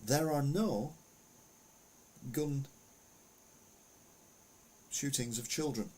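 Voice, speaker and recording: A man's voice: mid-range voice, very slow, dark tone, slight background noise. A man, hosting a podcast of casual news commentary, rambling and chatty with lots of fillers. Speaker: podcast host.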